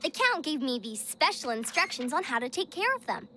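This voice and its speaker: A woman voicing a kind, cheerful young girl who calmly reassures her friends, over loud cartoon music. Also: high voice, brisk, slight background noise, heavily acted. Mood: friendly. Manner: calm, reassuring, giggly.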